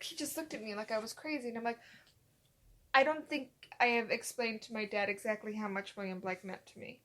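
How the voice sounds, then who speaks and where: A young woman co-hosting a casual podcast with her partner. Her voice sits a little high, and she rambles through her stories, acting out what people said along the way. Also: a little fast, fairly bright tone. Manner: rambling storyteller, acts out quotes. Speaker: podcast co-host.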